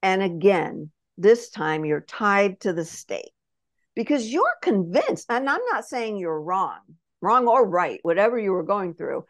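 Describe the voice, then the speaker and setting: A woman spirit messenger telling a past-life reading as an animated story, acting out quotes and often asking if the listener follows. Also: mid-range voice, measured pace, dry recording, clean studio sound. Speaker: spirit messenger, podcast guest.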